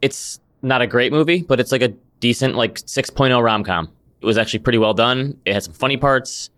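Quick, easygoing male podcast host. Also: medium pitch, fairly bright tone, smooth. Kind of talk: casual chat.

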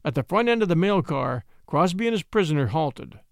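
A man reading an old-time adventure story aloud in an expressive, dramatic way. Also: fairly high pitch, brisk, gravelly, no echo, clean studio sound. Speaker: audiobook reader.

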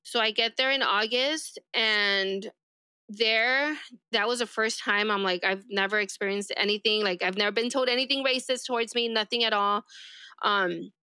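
Bright, crisp-voiced young woman from LA. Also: mid-range voice, fairly even intonation, moderate pace, dry recording, clean studio sound. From East Los Angeles. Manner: rambling, heavy use of "like", acts out quoted remarks. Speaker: sheriff's deputy, interview guest. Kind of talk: casual storytelling in an interview.

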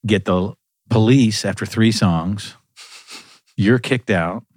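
A man with a low, deep voice tells stories in a relaxed, animated way, laughing as he goes. The sound is close and dry, with no room echo. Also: takes it slowly, slightly rough. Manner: animated storyteller who laughs through his anecdotes. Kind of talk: casual storytelling conversation.

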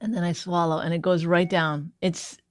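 A woman's voice: fairly low pitch, little pitch movement, normal speed, no echo. A middle-aged woman comedian bantering casually with dry, blunt teasing. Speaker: stand-up comedian and podcast co-host.

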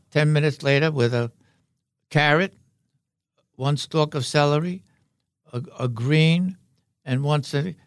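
An older man, a veteran actor and podcast guest, telling rambling, wry anecdotes with halting fillers. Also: a little high, smooth, no echo, clean studio sound. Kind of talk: anecdotal interview talk.

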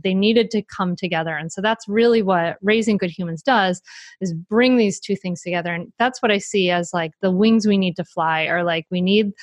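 Animated woman author, dry close sound. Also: medium pitch, dry recording. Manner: animated, laughs often, many restarts. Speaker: author and parenting coach. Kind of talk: casual interview talk.

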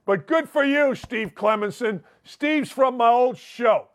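A brash sports talk host, a middle-aged man with a high voice. He rattles through listener emails and old stories with animated, loud gusto. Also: takes it slowly. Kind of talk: sports talk radio monologue.

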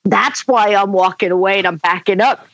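Animated woman telling a story. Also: medium pitch, normal speed. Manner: animated, laughs often, acts out her own quotes. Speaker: guest. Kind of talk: casual storytelling on a talk show. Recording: dull dry sound.

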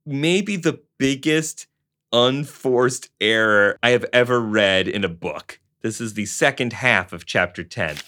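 A man's voice: medium pitch, a little slow, sharp tone. A man co-hosting a podcast, chatting casually and reading a novel aloud, with wry, laughing asides. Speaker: podcast co-host and reader.

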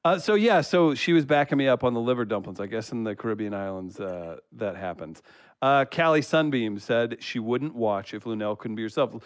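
Male host, mid pitch, relaxed and jokey, dry close recording. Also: a little fast, clean tone, dry recording. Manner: laughs often, easygoing. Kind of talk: casual chat, reading listener comments.

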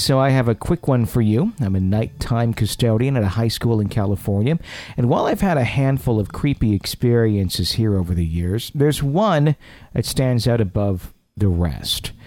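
A man's voice: medium pitch, darkish tone, no echo. A man hosting a podcast, reading listener stories aloud and bantering in a joking, teasing way. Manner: jokey, teasing. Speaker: podcast host.

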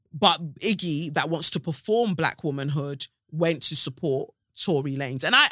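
A woman's voice: sits low, bright, forceful tone, no room sound, clean studio sound. Outspoken woman podcast host. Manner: outspoken, sarcastic, drops to asides. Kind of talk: casual commentary.

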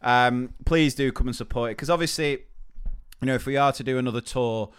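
A man's voice: mid-range voice, normal speed, clear, resonant tone. A man co-hosting a podcast, chatting casually and plugging a live show in a jokey, teasing way. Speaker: podcast co-host. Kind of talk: casual chat, show promotion.

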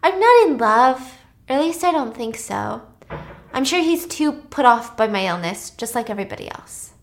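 A woman's voice: on the high side, very animated, normal speed. Woman putting on a timid reclusive young woman. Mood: flustered. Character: fragile reclusive young woman, anxious and shy.

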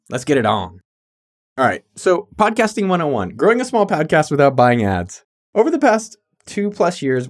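A man hosting his own podcast in a hyped, jokey, casual monologue with some cussing. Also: fairly high pitch. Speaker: podcast host.

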